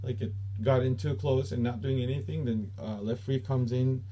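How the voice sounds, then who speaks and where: Man, Korean accent, taekwondo instructor, patient repetition, mellow voice. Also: medium pitch, steady tone. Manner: explains patiently, repeats each term slowly. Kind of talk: teaching Korean dojang terms.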